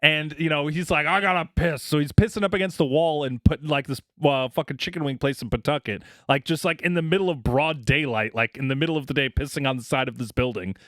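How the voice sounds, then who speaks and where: A man's voice: fairly high pitch, fast, few pauses, a bit bright, no room sound, studio quality. A man co-hosting a podcast, telling long stories in a casual, profane, filler-heavy way. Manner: rambling, profane, many fillers like "like" and "you know". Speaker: podcast co-host. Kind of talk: casual storytelling chat.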